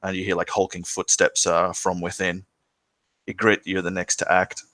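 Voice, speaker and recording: A man's voice: low voice, monotone, normal speed, bright, forceful tone, no echo. A man narrating as game master of a tabletop game, describing scenes with frequent filler words.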